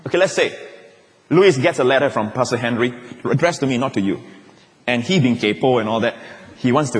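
Pastor preaching in a big hall. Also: male voice, medium pitch, brisk. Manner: animated preaching with playful asides and mimicry. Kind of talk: sermon. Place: large church auditorium. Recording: long reverb of a large hall.

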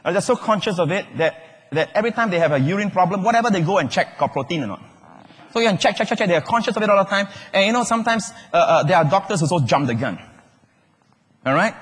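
Man, Singaporean English accent, pastor's sermon, animated and joking, husky voice, long hall reverb. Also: high-pitched.

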